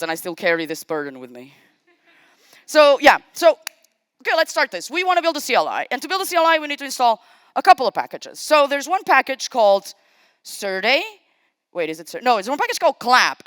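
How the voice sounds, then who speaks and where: A woman giving a live-coding talk at a conference. She is chatty and casual, makes self-deprecating asides, thinks out loud as she types, and speaks directly to the audience. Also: fairly high pitch, clean tone, no room sound. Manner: thinks aloud while typing, talks to the audience. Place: conference stage.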